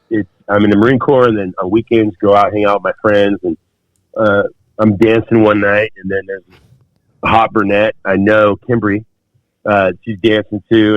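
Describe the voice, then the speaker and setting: Low-voiced man telling a story. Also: no echo. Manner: rambling, many fillers and restarts. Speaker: podcast guest. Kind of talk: storytelling in conversation. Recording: dull, dry podcast audio.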